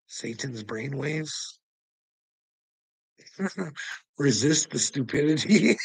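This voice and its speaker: A man with a gravelly, fry-heavy voice and a tense, sharp edge rants to his viewers. He laughs constantly through his sentences, swears freely and mocks people by name. The sound is dry and close. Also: mid-range voice, no room sound, rough recording. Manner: laughs constantly while talking, profane and mocking. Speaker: channel host. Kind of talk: rambling livestream rant.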